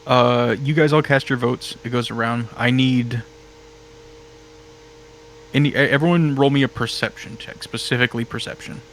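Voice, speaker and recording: A man narrating as game master of a tabletop game, relaxed and full of fillers. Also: mid-range voice, normal speed, a little hiss or hum, rough recording.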